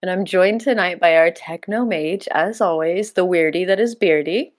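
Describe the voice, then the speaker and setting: A woman's voice: lowish voice, normal speed. A woman hosting a casual gaming podcast, joking, swearing freely and laughing often. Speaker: podcast host.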